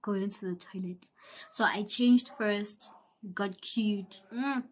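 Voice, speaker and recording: A young South African woman telling a personal story in a casual, animated way, acting out the people she quotes and sometimes dropping into a whisper. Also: medium pitch, slow, a little hiss or hum. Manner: animated, acts out quoted voices, drops into whispers. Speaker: YouTuber.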